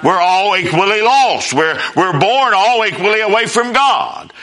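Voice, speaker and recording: Pastor preaching hard, pretty high voice, super bright and ringing. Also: male voice, animated, unhurried. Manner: emphatic preaching, rising and falling with repeated phrases. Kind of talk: sermon.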